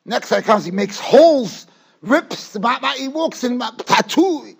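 A man giving a lecture as a rabbi, emphatic one moment and hushed the next, often repeating his phrases. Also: very high-pitched, expressive, measured pace, creaky, slightly rough. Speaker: rabbi giving a Torah class. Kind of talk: yeshiva lecture. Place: yeshiva study hall.

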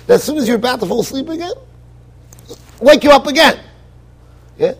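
An American man, a rabbi giving a Torah lecture in a yeshiva study hall, animated and full of rhetorical questions. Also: extremely high pitch, fairly quick, pauses often, husky. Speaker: rabbi teaching a Torah class.

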